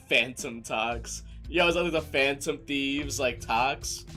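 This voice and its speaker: A young man doing let's play commentary, loud, excitable and profane, yelling at the characters. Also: mid-range voice, a little slow, faint music behind. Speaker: gaming streamer.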